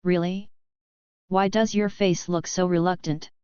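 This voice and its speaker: A man's voice: sits high, level tone, measured pace, a little mellow, clear, resonant tone, dry recording, lo-fi sound. A woman reading a sly, teasing young man. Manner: teasing, smiling threats.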